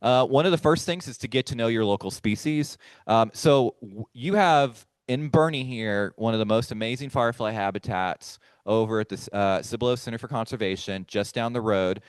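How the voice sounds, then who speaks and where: A man's voice: medium pitch, normal speed, clear, resonant tone, no echo. A man giving a casual, conversational lecture to a live audience and speaking to them directly. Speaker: firefly researcher giving a talk. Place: meeting room with a live audience.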